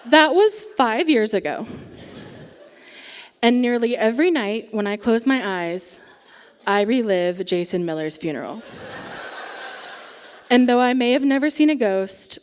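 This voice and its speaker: A young woman telling a comic personal story on stage before a live audience, wry and self-mocking with dramatic pauses. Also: a little high, lively intonation. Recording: long theatre reverb.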